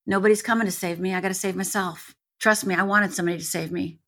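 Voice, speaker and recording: A woman's voice: mid-range voice, steady tone, quick pace, a bit bright. A woman guest, a life coach, telling her personal story candidly and vividly, building to emphatic peaks.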